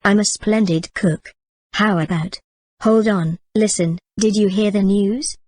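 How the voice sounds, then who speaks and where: A woman's voice: medium pitch, steady tone, unhurried, a little mellow, no room sound, lightly acted. A woman voicing a chatty, kind young woman who has taken in a girl, in a storybook reading.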